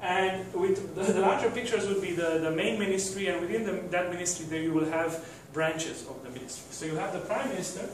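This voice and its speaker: A man's voice: high voice, a little hiss or hum. A man giving a university lecture, hesitant, with many fillers and restarts. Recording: very echoey room from far off.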